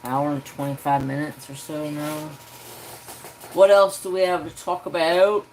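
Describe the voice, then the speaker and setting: A man's voice: fairly high pitch, level tone, unhurried, slight background noise, rough recording. A man hosting a craft live stream, chatting casually and rambling easygoingly with many fillers.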